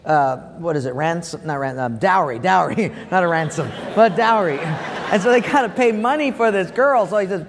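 High-voiced pastor, joke-telling. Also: male voice. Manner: joke-telling, chuckling, animated. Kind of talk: humorous sermon. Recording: long hall reverb.

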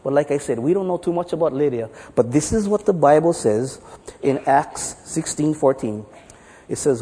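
Lively, playful pastor. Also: male voice, fairly high pitch, normal speed, in a large hall. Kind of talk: sermon with jokes.

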